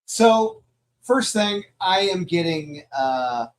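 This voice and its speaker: A man co-hosting a comics podcast who rants bluntly and swears freely. His voice is a little high, and he acts out his own reactions in an animated, casual way. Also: slow. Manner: blunt, profane, animated ranting. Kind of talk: casual chat.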